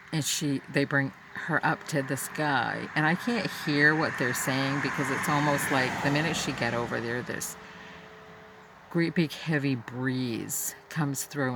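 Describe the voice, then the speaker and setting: A man telling a personal story aloud, unscripted, halting and full of fillers and restarts. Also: medium pitch, background noise.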